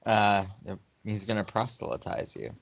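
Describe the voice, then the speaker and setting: Man, low voice, lively pitch, dry sound, joking interjections. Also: moderate pace, creaky, dry recording. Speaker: podcast co-host. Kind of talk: casual chat.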